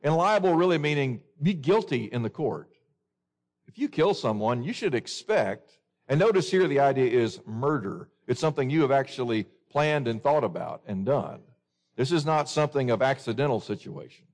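A man's voice: medium pitch, big pitch swings, normal speed, a little mellow. A man preaching a sermon in an earnest way, often asking his listeners questions.

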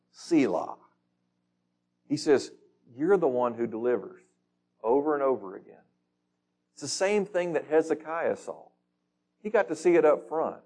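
A man's voice: medium pitch, animated, unhurried, long pauses, a little mellow. Man, Bible study teacher, conversational, reads scripture, asks the group questions.

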